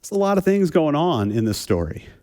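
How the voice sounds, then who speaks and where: High-voiced male pastor in a reverberant hall. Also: a little fast. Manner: relaxed, chatty, often repeats words as he restarts. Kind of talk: conversational sermon with a personal story. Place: church sanctuary.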